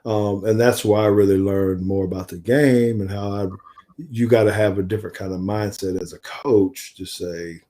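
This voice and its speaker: A middle-aged man, a former football player and coach, telling stories in a casual interview and acting out the quoted dialogue. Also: normal speed. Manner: animated storyteller, acts out quoted dialogue with rising pitch.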